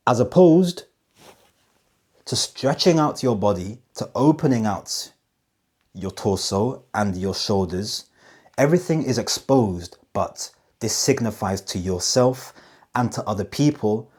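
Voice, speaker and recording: Man, low voice, direct-to-camera coaching, rhetorical questions, slows for emphasis. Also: animated, a little mellow, husky. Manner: emphatic, slows down on key phrases; demonstrative, asks rhetorical questions. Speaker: communication coach.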